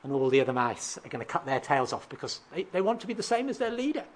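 A preacher delivering a sermon, explaining scripture verse by verse, asking rhetorical questions and sometimes pausing on fillers. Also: medium pitch, big pitch swings. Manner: expository, asks rhetorical questions, reads out verses; occasional hesitant fillers and restarts.

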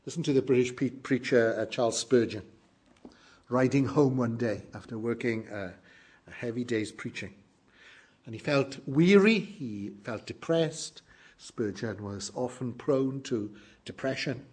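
Husky-voiced man preaching a sermon. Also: mid-range voice, lively intonation, unhurried. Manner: earnest, emphatic, swings between loud exclamations and hushed lines.

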